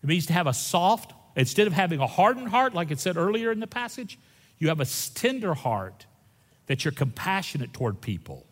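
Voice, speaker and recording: A pastor delivers a folksy sermon, his pitch leaping and dipping as he preaches. He moves from loud, punchy stretches to quiet, hushed ones. His voice carries a long reverb through a big church sanctuary. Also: brisk. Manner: folksy, animated, swings between loud and hushed. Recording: long reverb in a large hall.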